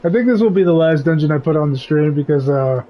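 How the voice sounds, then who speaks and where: A man chatting casually on a live game stream, rambling and telling stories with lively energy. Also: a little high, fast, muffled recording. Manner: rambling, animated storytelling. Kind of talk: casual live-stream chat while gaming.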